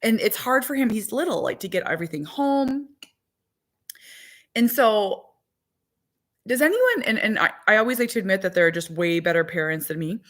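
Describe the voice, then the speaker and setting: A woman's voice: medium pitch, animated, moderate pace, pauses often, fairly bright tone. A woman in her thirties from Minnesota, a mother chatting casually with viewers on a phone livestream at home, rambling and friendly. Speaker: vlogger. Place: home in winter.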